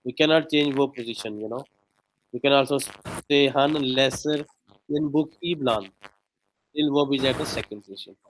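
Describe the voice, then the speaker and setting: A man teaching a one-on-one online language lesson, pausing often with fillers. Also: mid-range voice, a little hiss or hum, poor audio. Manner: hesitant, many "uh" and "you know".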